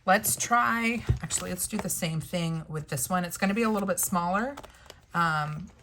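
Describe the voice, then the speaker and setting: A woman's voice: lowish voice, normal speed, background noise. A woman reviewing planners in a chatty, upbeat vlog, talking to viewers like friends. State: losing her voice. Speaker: planner vlogger. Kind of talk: casual product review.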